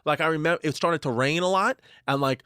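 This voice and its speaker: A man co-hosting a podcast, telling crude stories with loud quoted voices. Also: on the high side, quick pace, smooth, no echo, clean studio sound. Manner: crude, animated storyteller, shouts quoted voices. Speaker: podcast co-host. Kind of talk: casual chat.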